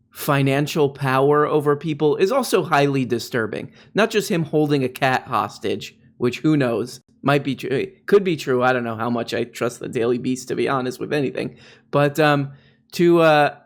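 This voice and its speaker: A man with a medium-pitched voice gives loose, sarcastic commentary. He mocks his subject and keeps a casual, offhand delivery. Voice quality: sarcastic, mocking, drops into mock voices. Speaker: political commentator.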